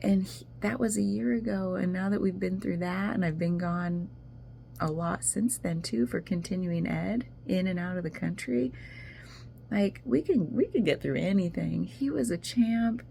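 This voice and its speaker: Casting note: woman vlogger, very gravelly, mellow tone, emotional and rambling, faint room noise. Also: mid-range voice, moderate pace. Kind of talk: casual video journal.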